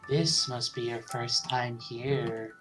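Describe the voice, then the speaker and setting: A man voicing an eerie, cheerful bird citizen in a visual novel, reading it slowly and ominously. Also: medium pitch, flat delivery, music in the background, lightly acted. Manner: slow, drawn-out, ominous delivery.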